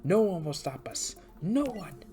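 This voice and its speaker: An ancient villain mastermind speaks slowly and grandly with quiet menace, as a woman acts him out. The voice is pitched low and deep. Soft music hums behind him. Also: big pitch swings. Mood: menacing.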